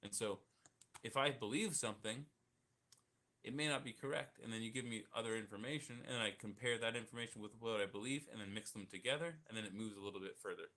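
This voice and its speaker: Bright-voiced rambling man on a call. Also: lowish voice, fast. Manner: rambling, swears, thinks aloud. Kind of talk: casual debate chat.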